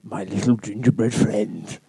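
A man's voice: fairly low pitch, a little slow, gravelly, warm tone, slightly rough, no echo, heavily acted. A man voicing a crude, boastful male wizard who speaks in grand, sweary proclamations. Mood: pompous.

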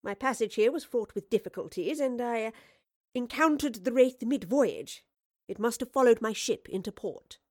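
A woman reading the part of a brisk, stern female professor in an audiobook, firm and questioning. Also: a little high, a little mellow, dry recording, clean studio sound, pitched above the performer's own voice, close to an everyday voice.

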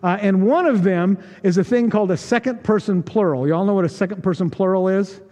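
A man's voice: high voice, a little fast, dark tone. A male pastor preaching a conversational, joking sermon and acting out quoted voices. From United States. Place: church sanctuary. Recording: long reverb of a church hall.

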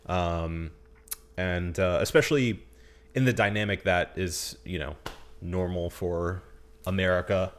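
A man hosting a podcast in casual chat, easygoing and measured, working through his points with plenty of fillers. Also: deep voice. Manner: easygoing and measured, hedges with fillers while explaining. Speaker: podcast host.

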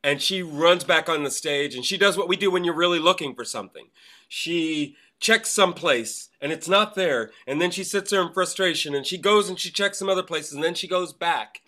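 A man's voice: fairly high pitch, normal speed, pushed and bright. A man hosting a podcast and teaching acting, telling a rambling story full of fillers and restarts in casual interview chat.

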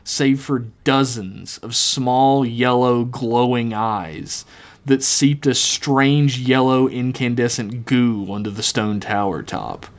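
A man's voice: mid-range voice, slow. A man co-hosting a podcast, reading his own horror story aloud dramatically and laughing at his own jokes. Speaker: podcast co-host.

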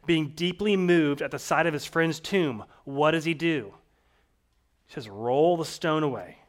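A man preaching a sermon, praying first and then explaining a scripture passage in an earnest manner, repeating key phrases. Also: fairly high pitch. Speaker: pastor.

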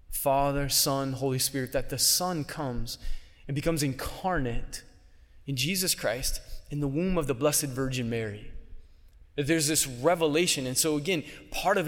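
A man's voice: a little high, a bit bright. A man giving a conversational homily, dropping briefly into casual voices for biblical figures. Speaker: preacher. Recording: long reverb of a large hall.

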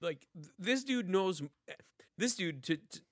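A man's voice: high voice, animated, a little slow, a bit bright, dry recording, studio quality. A man co-hosting a podcast, ranting in a casual, exasperated way with plenty of swearing. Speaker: podcast co-host. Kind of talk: casual chat.

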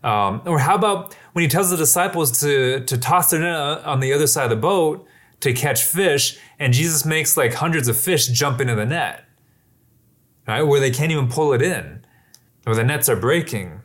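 A man's voice: a little high, expressive, moderate pace, fairly bright tone. A man preaching a sermon in a casual, conversational way, with many fillers and asides. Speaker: pastor.

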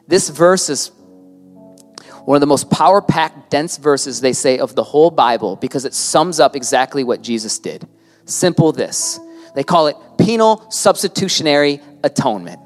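A male preacher delivering a sermon in a lively storytelling manner, full of quotes and wordplay. His voice carries a long reverb from the church hall. Faint music sits underneath. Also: a little high, moderate pace. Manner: lively storytelling, quotes others, plays with words.

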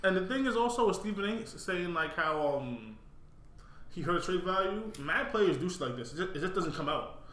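A man co-hosting a podcast, talking sports in casual chat, excitable and quick, often restarting his sentences. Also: high voice. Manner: fast, excitable, frequent restarts. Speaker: podcast co-host. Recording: roomy echo.

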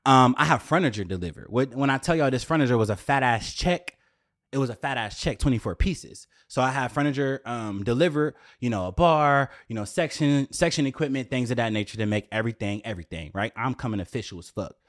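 A young man telling a story to his viewers in a casual, profane, animated way, often jumping up into a high exclaiming voice. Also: fairly quick. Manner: profane, slangy, addresses viewers directly.

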